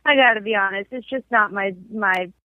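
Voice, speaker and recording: A woman's voice: mid-range voice, fairly quick, no echo. A woman guest on a podcast, chatting with playful enthusiasm. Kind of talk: casual podcast chat. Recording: dry, tinny phone-like line.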